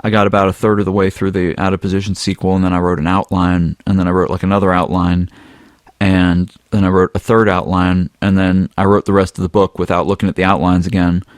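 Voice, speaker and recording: A man with a lowish voice hosts a podcast, loose and rambling as he reads a listener's email aloud. The sound is close and dry. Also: dry recording. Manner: relaxed, rambling, with some filler words. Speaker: podcast host. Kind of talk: casual podcast chat, reading a listener email.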